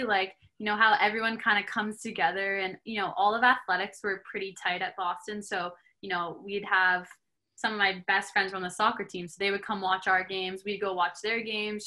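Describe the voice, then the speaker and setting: Woman, twenties, from Canada, hockey player guest, chatty, bright voice. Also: mid-range voice. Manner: chatty, lots of filler words and laughs. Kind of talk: casual interview chat.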